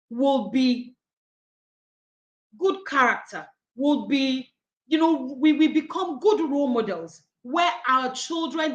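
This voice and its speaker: Middle-aged woman, high voice, study-group coach, playful and animated, echoey room. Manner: animated, acts out quoted voices, laughs often. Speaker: coach leading a daily wisdom study. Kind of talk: teaching talk on Proverbs.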